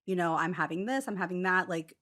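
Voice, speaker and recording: A woman's voice: fairly low pitch, fast, a bit bright. A woman in her thirties, a podcast guest, telling a personal story in a rambling, casual way with lots of fillers. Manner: rambling, many "like" fillers, acts out quotes.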